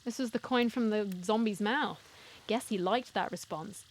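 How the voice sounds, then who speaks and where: A woman's voice: mid-range voice, normal speed. A woman streamer reading a dating sim story aloud, with dramatic storytelling and wry asides. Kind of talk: reading game text aloud with commentary.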